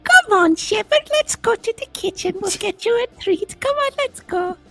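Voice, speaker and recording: A man's voice: very high-pitched, animated, moderate pace, vocal fry, fairly bright tone, faint music behind, pitched above the performer's own voice, full character voice. A man putting on a sweet, sing-song lady's voice, cooing at his dog to come to the kitchen for a treat. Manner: cooing, sing-song baby talk to a pet. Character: sweet high-voiced lady coaxing a dog. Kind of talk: comic voice impression on a livestream.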